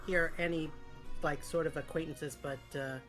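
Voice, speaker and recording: A woman's voice: low-pitched, steady tone, normal speed, over music. A woman playing a tabletop game, talking in a hesitant way with many fillers. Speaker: player.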